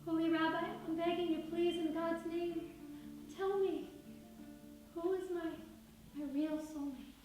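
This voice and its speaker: A woman voices a remorseful drunkard pouring out his story in earnest pleas. The voice sits high and unhurried. It comes from far off in an echoing room, with music playing behind. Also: flat delivery. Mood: pleading. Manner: earnest, pleading. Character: remorseful middle-aged male drunkard pleading. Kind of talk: told story.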